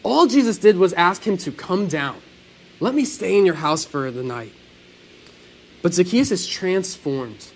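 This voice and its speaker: A man delivering a Sunday sermon with a fairly high voice. His pitch swings widely as he preaches, rising and falling to press each point home. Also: a little slow, poor audio. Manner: animated, earnest preaching with sudden swells and drops. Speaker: pastor.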